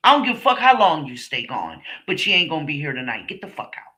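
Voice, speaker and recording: A woman with a very bright, piercing edge to her voice talks straight to her viewers. She is middle-aged, blunt and emphatic, and she swears freely as she tells her story. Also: low-pitched, big pitch swings, quick pace. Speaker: streamer host. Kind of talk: casual monologue to viewers.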